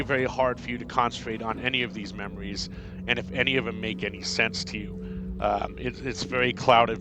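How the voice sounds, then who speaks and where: A man narrating a tabletop game as game master, halting and repeating himself with many fillers. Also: medium pitch, noisy background. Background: background music.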